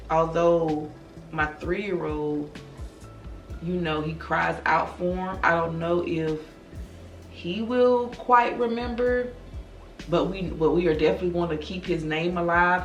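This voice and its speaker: Slow, low-voiced grieving woman. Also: little pitch movement, dull audio. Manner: slow, soft-spoken, confiding, calls listeners girl and y'all. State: grieving, subdued. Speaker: vlogger. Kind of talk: personal direct-to-camera talk. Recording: roomy, distant from the mic, faint music.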